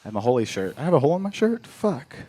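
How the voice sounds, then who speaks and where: A man's voice: mid-range voice, very animated, racing, dark tone. A man hosting a comedy night, bantering loosely with a comedian on stage. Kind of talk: emceeing live comedy.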